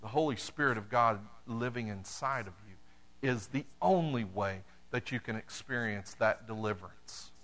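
A man's voice: lowish voice, normal speed, fairly bright tone. A middle-aged man preaching a sermon, talking to the congregation in a conversational way with dry humor. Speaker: pastor.

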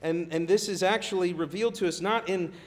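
A middle-aged man preaching a sermon in a conversational way. He gets animated when he acts out people pleading. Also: sits high, fairly quick. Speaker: pastor. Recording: echoey room.

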